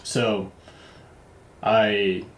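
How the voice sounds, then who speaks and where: A man's voice: lowish voice, little pitch movement, very slow. A man casually telling a travel story, loose and profane, with lots of fillers and restarts. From United States. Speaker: vlogger. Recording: roomy echo.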